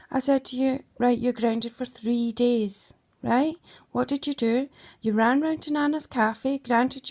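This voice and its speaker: A middle-aged woman with a fairly high voice goes over old grievances with her daughter. She talks in an emphatic, accusing way and keeps pressing with "right?". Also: darkish tone. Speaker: mother. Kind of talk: emotional recounting monologue.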